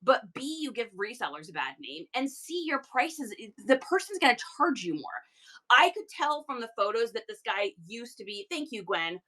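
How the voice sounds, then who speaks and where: A woman hosting a reseller livestream, telling a story casually to her chat in an animated way, with quick asides to viewers. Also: on the high side, poor audio.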